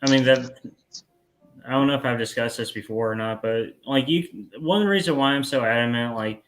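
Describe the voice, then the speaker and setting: A male podcast host talking in a loose, rambling way, often trailing off and chuckling. His voice sits at an ordinary middle pitch. He keeps everything casual and unhurried. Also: a little hiss or hum, rough recording. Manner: rambling, laughs easily, drawls "man" at ends of lines. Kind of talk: casual chat.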